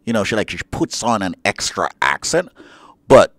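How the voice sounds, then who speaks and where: A man's voice: lowish voice, sing-song, normal speed, no room sound, clean studio sound. A man co-hosting a radio talk show, bantering playfully and laughing along. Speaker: radio co-host.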